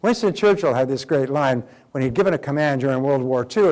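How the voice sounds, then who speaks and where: A man giving a motivational seminar talk in a direct, emphatic, animated manner. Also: medium pitch, brisk, few pauses. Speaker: motivational speaker.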